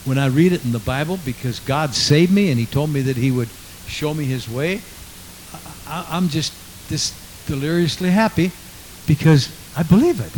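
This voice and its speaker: A man's voice: a little high, very animated, measured pace, a little mellow, poor audio. Fervent male preacher with faint hiss. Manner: fervent, repeats praise phrases, reads scripture aloud. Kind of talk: sermon.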